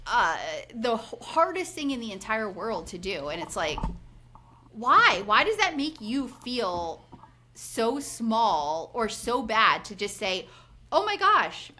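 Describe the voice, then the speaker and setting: Lady in her 40s recapping a show on a podcast, bright voice that bounces all over, acts out what people said. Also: a little high, slow pace, slight background noise. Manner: animated, acts out quotes, many "like" fillers. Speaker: podcast co-host. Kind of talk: casual recap chat.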